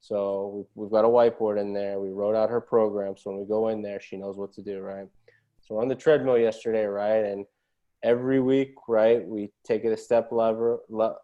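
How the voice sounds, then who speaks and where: A man's voice: on the low side, fairly even intonation, normal speed, muffled recording. A man, a podcast guest, telling a story in an earnest, motivational way and ending many phrases with a questioning "right?". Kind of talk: casual storytelling.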